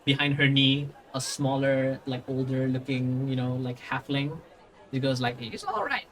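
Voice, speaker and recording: A man narrates a fantasy tabletop adventure as game master. His talk is rambling and loose, full of fillers and restarts, at an ordinary pitch. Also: monotone, a little slow, fairly bright tone, a faint crowd.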